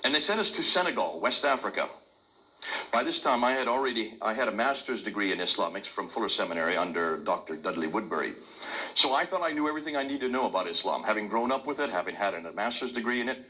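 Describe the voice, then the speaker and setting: Forceful older man with an American accent. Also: on the low side, lively intonation, fast talker, poor audio. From India. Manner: emphatic, forceful delivery. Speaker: lecturer. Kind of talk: public talk to an audience.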